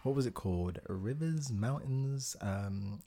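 A man's voice: medium pitch, animated, takes it slowly, warm tone. A man co-hosting a podcast, chatting casually about music and pop culture in an easygoing way, often laughing as he talks. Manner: easygoing, backchannels a lot, laughs while talking. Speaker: podcast co-host.

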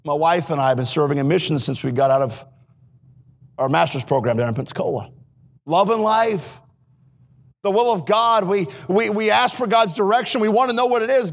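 At normal speed, a male missionary delivers a sermon in a church sanctuary, his high voice carrying a gravelly edge. He shifts between quiet, earnest stretches and emphatic, raised passages, addressing the congregation directly.

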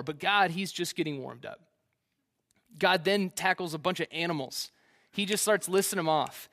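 A man preaching a conversational sermon, retelling scripture in a relaxed, slangy way with playful asides. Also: sits high, moderate pace.

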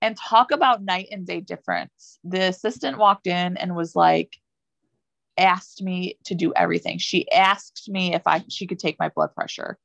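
Guest: young woman, low gravelly voice, chatty storyteller, dry dull lo-fi recording. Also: moderate pace, dry recording. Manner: chatty, many fillers, lively when quoting herself. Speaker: podcast guest. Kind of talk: casual personal storytelling.

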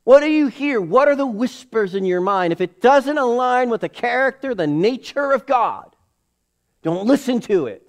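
A middle-aged male pastor preaching a sermon to his church, building to emphatic calls and dropping into hushed asides. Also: animated, normal speed. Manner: preaching with emphatic rises, drops to low acted inner voices.

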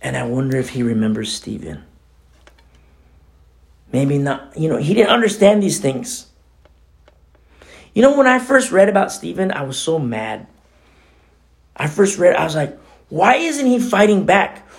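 A pastor giving a conversational sermon, animated and emphatic, at times dropping to a hushed near-whisper. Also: male voice, a little high, measured pace, gravelly, long pauses.

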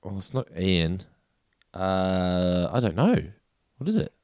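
Man, podcast co-host, low voice, casual trivia banter, relaxed, dry close sound. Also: slow, dry recording. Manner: laid-back, hesitant, laughs often. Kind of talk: casual chat, trivia quiz.

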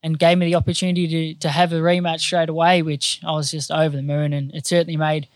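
Australian man, professional boxer, earnest and modest, halting restarts, slightly high voice, dry sound. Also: flat delivery, no echo. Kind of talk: casual interview chat.

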